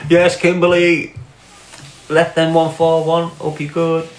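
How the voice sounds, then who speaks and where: A man's voice: a little high, completely flat delivery, slow pace, slight background noise. A man with a Scouse accent, chatting to viewers on a livestream, swearing a lot and telling loose stories. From England. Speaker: livestream host. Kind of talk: casual livestream chat. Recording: echoey room with music behind.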